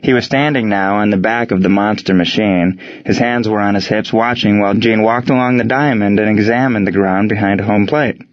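A man reading a story aloud in a steady, measured narration. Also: fairly low pitch, lo-fi sound. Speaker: audiobook narrator.

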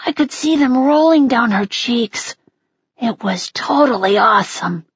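Slow, breathy woman reading a novel. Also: a little high, no room sound, muffled recording. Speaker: audiobook narrator. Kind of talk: first-person audiobook narration.

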